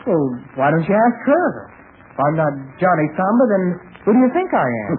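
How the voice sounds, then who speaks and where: An actor playing an awkward, stammering young hero in a 1940s radio drama. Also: male voice, high-pitched, very animated, a little fast. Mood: confident. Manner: hesitant, stammering. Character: young hero faking a shy, awkward act. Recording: tinny scratchy 1940s radio broadcast.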